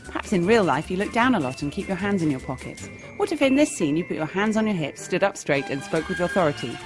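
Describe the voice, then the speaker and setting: Woman teaching improv, bouncy sing-song voice, soft music under it. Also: on the low side, sing-song, fast talker. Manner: bright, demonstrative, sing-song. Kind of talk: instructional narration.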